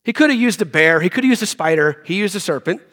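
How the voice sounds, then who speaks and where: A man's voice: high-pitched, expressive, quick pace, fairly bright tone. A man preaching as a guest pastor, reading scripture with casual, joking asides. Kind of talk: sermon. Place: church hall. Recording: long reverb of a church hall.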